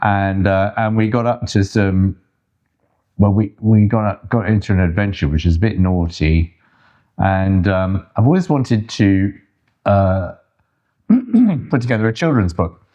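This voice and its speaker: An older man talks in a very low voice, loose and chatty. He wanders off on tangents and makes fun of himself. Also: measured pace, long pauses, dark tone, lo-fi sound. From England. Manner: chatty, rambling, self-deprecating. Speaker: co-host. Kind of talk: casual chat.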